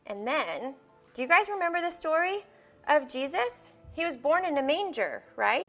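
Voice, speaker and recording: A woman's voice: high-pitched, big pitch swings, moderate pace, fairly bright tone. Young woman doing a live kids baking lesson, bubbly and encouraging, voice bouncing all over, little music behind. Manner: bubbly, coaxing, talks straight to the kids at home. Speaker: host of a kids' baking show. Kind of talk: live cooking demonstration for kids.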